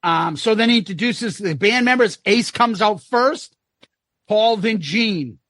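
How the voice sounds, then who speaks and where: A man's voice: sits high, animated, a little slow, fairly bright tone, no echo, clean studio sound. A man co-hosting a podcast, casually retelling and joking, swearing freely. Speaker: podcast co-host. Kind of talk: casual chat.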